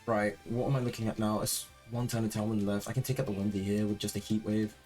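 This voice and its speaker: A young man giving live commentary on his own competitive gameplay, excitable and quick to break into loud, frustrated rants. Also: lowish voice, soft background music. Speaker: gaming streamer.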